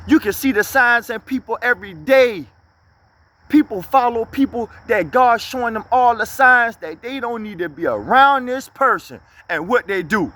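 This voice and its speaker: Blunt high-voiced preacher man. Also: lively intonation, normal speed, pushed and bright. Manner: blunt, preachy, scolding, rhetorical questions. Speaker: inspirational speaker. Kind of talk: motivational preaching monologue.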